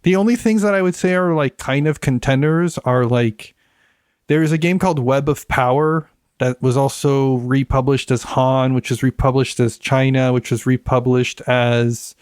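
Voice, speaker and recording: A man's voice: mid-range voice, normal speed, a little mellow, smooth, no echo, clean studio sound. A man co-hosting a podcast in casual chat, upbeat and jokey, laughing often and using "like" fillers. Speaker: podcast co-host.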